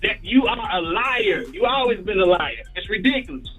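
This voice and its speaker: A man's voice: high voice, lively intonation, moderate pace, a bit bright, faint music behind, rough recording. A man calling in to a radio show, teasing the hosts playfully. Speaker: caller. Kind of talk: call-in radio chat.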